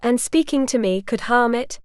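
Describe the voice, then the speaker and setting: A woman's voice: fairly high pitch, moderate pace, clean tone, no echo, clean studio sound, lightly acted. A woman voicing a young noblewoman who speaks in a resolute, guarded way, in a storybook reading.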